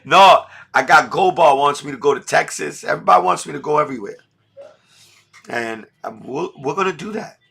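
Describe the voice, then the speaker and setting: Middle-aged New man, bright forceful voice, blunt slangy livestream talk. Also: fairly high pitch, brisk, vocal fry, breathy edge. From New York. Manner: blunt, repetitive street slang. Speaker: livestream host. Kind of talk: emotional casual livestream talk.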